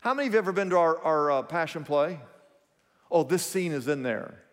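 A man's voice: a little high, lively intonation, a little fast, a bit bright. A man preaching a sermon to his congregation. He speaks with emphasis and calls on the crowd to repeat words back to him. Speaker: pastor. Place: large church auditorium. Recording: long hall reverb.

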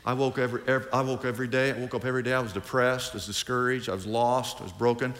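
A male pastor preaching a sermon, lively and conversational, acting out both sides of imagined conversations. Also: mid-range voice, fast, big-room sound.

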